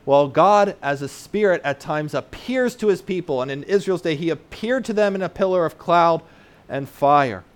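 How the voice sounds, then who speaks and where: A male pastor delivers a sermon in an earnest, teaching tone, his voice pitched fairly high for a man. He leans on fillers and rhetorical "right?" tags, and slows down to unpack big words for the children listening. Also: expressive. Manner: explains terms plainly for children in the congregation.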